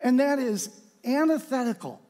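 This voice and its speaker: A man preaching a sermon as pastor, moving from quiet, earnest talk to fervent, shouted readings of scripture. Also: extremely high pitch, animated, moderate pace, long reverb tail.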